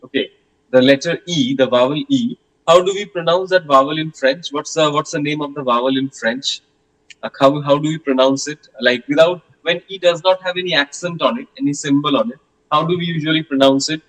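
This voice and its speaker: A man's voice: on the high side, brisk, a bit bright, poor audio. A man teaching a French class, patiently repeating questions and sounds with many hesitations.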